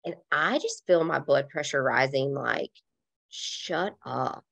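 A woman's voice: very deep voice, normal speed, creaky, a bit bright. A woman as a podcast guest, telling a personal story candidly and emotionally, with lots of "like" fillers.

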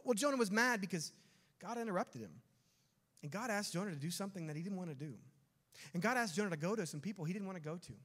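A male pastor preaching a sermon, animated and dropping to quiet emphasis on key words. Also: high-pitched. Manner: animated, acts out quotes, drops to quiet emphasis.

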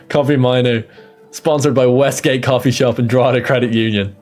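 A man's voice: mid-range voice, fairly even intonation, fairly quick, a little mellow, faint music behind. Chatty Irish man streaming a game. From Ireland. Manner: chatty, jokey and self-deprecating. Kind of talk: casual live gaming commentary.

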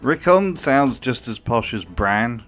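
A man's voice: mid-range voice, expressive, slow, a bit bright, faint music behind. A man delivering comedic scripted commentary in a dry, sardonic way. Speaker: video host.

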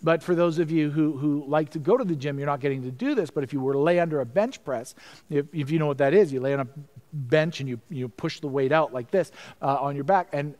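A middle-aged man preaching a sermon as pastor, telling a story with stammered repeats and dropping to a hushed voice for prayers. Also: on the high side.

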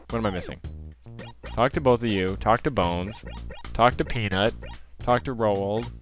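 A man's voice: fairly low pitch, a little slow, pauses often, faint music behind. A man giving casual, jokey let's play commentary over a video game. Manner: jokey, self-mocking.

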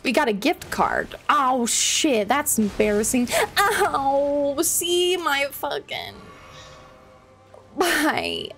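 A woman game streamer chatting casually with her viewers while she plays, laughing often and reacting loudly to the game. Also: high-pitched, wildly swooping pitch, very slow, soft background music. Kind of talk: casual live-stream chat while gaming.

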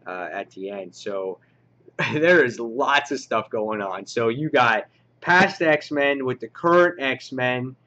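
A man's voice: mid-range voice, takes it slowly, sharp tone. Guy gushing about a comic issue, rambles a lot with uhs, medium voice, kinda muffled recording. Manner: enthusiastic, rambling, many filler words. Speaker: comic book reviewer. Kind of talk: casual review walkthrough.

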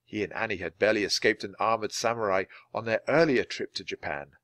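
A man's voice: lowish voice, brisk, fairly bright tone, dry recording, clean studio sound. A man reading a children's chapter book aloud at a natural pace for language learners. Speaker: storybook reader. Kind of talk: audiobook narration for language learners.

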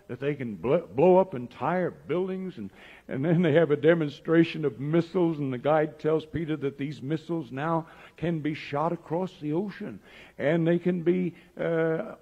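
A man's voice: fairly high pitch, husky. A male pastor preaching a sermon as a story, acting out the lines of its characters in his own voice. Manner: acts out dialogue in plain voice, animated. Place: church sanctuary. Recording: dull old church audio with long reverb.

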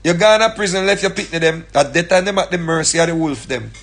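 Jamaican male streamer, husky and fairly high, angry repetitive rant. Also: fast talker, fairly bright tone. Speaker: live streamer. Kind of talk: ranting commentary.

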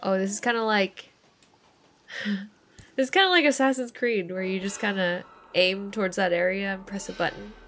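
A young woman hosting a let's play, excitable and gasping, cooing over the game's cat. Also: medium pitch, normal speed. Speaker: gaming channel host. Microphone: desk condenser microphone.

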